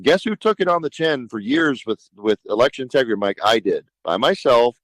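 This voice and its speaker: Fast-talking emphatic man on talk radio. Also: medium pitch, no room sound, rough recording. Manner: emphatic, animated, acts out conversations. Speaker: state senator guest. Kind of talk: radio talk show discussion.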